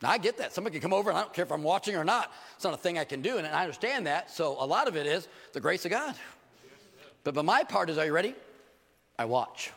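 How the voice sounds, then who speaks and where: An older man, a pastor delivering a sermon with animated, joking stories and acted asides. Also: fairly high pitch, fast talker, long reverb tail.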